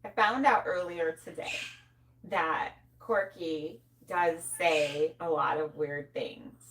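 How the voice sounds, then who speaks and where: A woman in relaxed live-stream chat, teasing with dry remarks. She talks at an unhurried pace in a bright voice. She sits back from the microphone. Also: low voice, distant mic. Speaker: mortician. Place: home studio room. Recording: voice off-mic.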